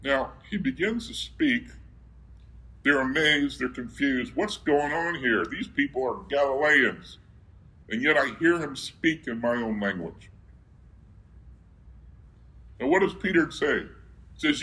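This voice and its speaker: A male preacher who delivers his sermon at an unhurried pace. He quizzes the congregation with questions and then answers them himself. His scripture reading carries a firm, emphatic weight. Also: medium pitch, expressive, bright, forceful tone, poor audio. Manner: reads scripture aloud with emphasis.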